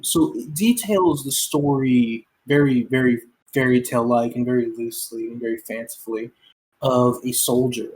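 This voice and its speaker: A woman's voice: a bass voice, darkish tone, a little hiss or hum, low-quality recording. A woman running a tabletop game as game master, narrating casually with lots of ums and likes. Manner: casual, filler-heavy narration with many "um" and "like".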